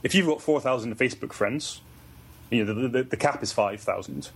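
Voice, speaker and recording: A young Scottish man answering questions in a relaxed conversation, often restarting sentences and laughing lightly. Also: medium pitch, fairly quick, slightly rough. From Scotland. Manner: hesitant, many restarts, laughs easily. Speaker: guest. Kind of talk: casual conversation.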